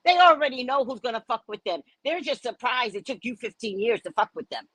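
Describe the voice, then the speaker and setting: Animated, husky-voiced woman telling stories. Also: fairly quick, dry recording, rough recording. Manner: blunt, profane, laughs often; acts out dialogue with big pitch swings. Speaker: podcast host. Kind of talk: casual storytelling chat.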